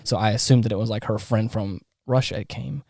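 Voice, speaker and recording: A man's voice: fairly low pitch, steady tone, brisk, gravelly, a little mellow, dry recording, clean studio sound. A man co-hosting a podcast, telling a story in casual chat, rambling with lots of fillers and restarts. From Southern United States. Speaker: podcast co-host.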